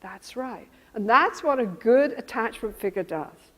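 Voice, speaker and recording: An animated woman lecturing a workshop audience, her voice high and lively. She talks emphatically and acts out her examples. A long reverb hangs on her words, as in a big lecture hall. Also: normal speed. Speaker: workshop presenter.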